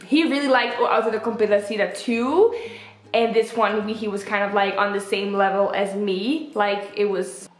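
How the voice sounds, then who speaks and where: A young adult woman chatting casually as a vlogger, animated and expressive as she retells things. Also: moderate pace. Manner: chatty and animated, acts out quotes with pitch jumps. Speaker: vlogger reviewing a film. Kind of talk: casual chat. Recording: echoey room.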